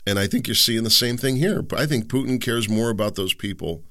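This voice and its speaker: A man's voice: mid-range voice, fairly quick, bright, forceful tone, dry recording, clean studio sound. A man hosting a show, giving opinionated solo commentary in a rambling, conversational way, often restarting and tripping over words and putting questions to his listeners. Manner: conversational, asks the audience direct questions.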